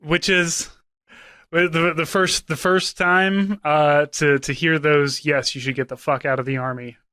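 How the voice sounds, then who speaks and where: A man co-hosting a casual podcast with a bright, forceful voice pitched a little high. He is blunt and teasing and swears freely. The sound is dry and close to the mic. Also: steady tone, measured pace, smooth, dry recording. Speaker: podcast co-host.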